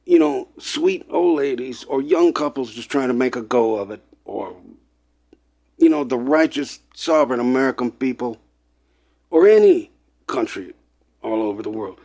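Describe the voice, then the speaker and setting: A man of middle pitch talks straight to his audience in a heated, lecturing monologue. He hammers his points with repetition and emphatic stresses, often calling out to the listeners directly. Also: expressive, moderate pace, gravelly, dark tone. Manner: emphatic, repetitive, gets worked up; lecturing, addresses listeners as people. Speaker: online presenter. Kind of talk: impassioned monologue.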